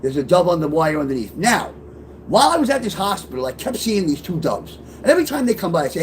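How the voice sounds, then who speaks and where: A man's voice: sits high, big pitch swings, quick pace. Middle aged new guy telling his testimony, rambles and curses, gets teary, faint hiss behind. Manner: rambling, swearing, tearful outbursts. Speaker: author telling his life story. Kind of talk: emotional personal testimony.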